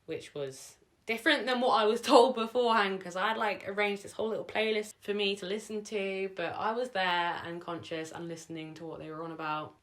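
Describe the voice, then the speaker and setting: A young woman with a low voice tells a personal story at home. She rambles and leans on "like" and "sort of". She gets emotional and chokes up now and then. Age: young adult. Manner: emotional, sometimes tearing up. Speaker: vlogger.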